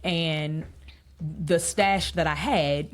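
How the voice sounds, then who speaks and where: A woman in her thirties, a podcast guest telling family stories in a casual, animated way and laughing often. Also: deep voice, very slow. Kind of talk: casual interview chat.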